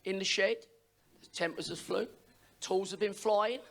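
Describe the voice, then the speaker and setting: A middle-aged man, the father of the groom, giving a wedding speech, emotional and pausing to sigh. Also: high-pitched, fairly even intonation, gravelly, fairly bright tone, slight background noise. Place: wedding reception hall.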